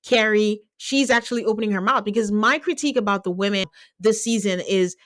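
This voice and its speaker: A woman's voice: medium pitch, a little fast, no room sound, studio quality. A woman hosting a casual podcast chat, talking with animation and acting out quotes. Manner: animated, acts out quotes from the show. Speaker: podcast host.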